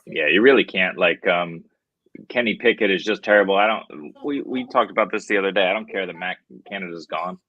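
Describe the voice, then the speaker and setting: Low male co-host, dry close sound, blunt opinions. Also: brisk, dry recording, highs cut off. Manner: blunt, opinionated analysis with many fillers. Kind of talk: casual podcast chat.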